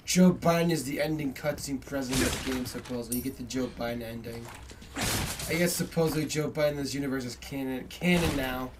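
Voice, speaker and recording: A young man giving profane commentary over a game, swearing constantly and yelling when startled. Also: medium pitch, quick pace. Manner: swears constantly, yells when startled, rambling asides to viewers. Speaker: gameplay streamer. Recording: distant mic with clear background noise.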